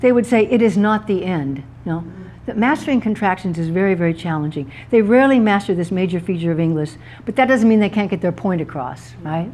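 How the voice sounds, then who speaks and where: A woman's voice: lowish voice, fast talker, few pauses, a little mellow, slight background noise. A woman author giving a talk to a live audience about words, playful and laughing at her own wordplay.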